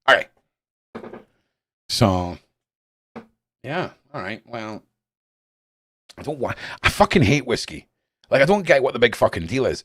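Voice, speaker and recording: A man's voice: medium pitch, no room sound. Foul-mouthed Scottish man, dry close sound. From Scotland. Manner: heavy swearing, blunt and animated. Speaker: live-stream host reading chat. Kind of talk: casual rambling chat.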